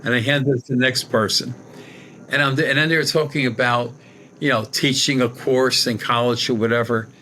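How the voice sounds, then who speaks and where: This psychic medium, a male guest, wanders through a casual story from his life, relaying conversations with "she goes". His mid-range voice is steady, bright and forceful at a moderate pace, and there's a little hiss or hum.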